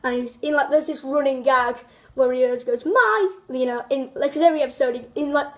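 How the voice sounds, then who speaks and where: A woman's voice: high voice, fairly even intonation, fast talker. A woman hosting a casual, unscripted countdown video, rambling with many fillers, restarts and small giggles. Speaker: video host.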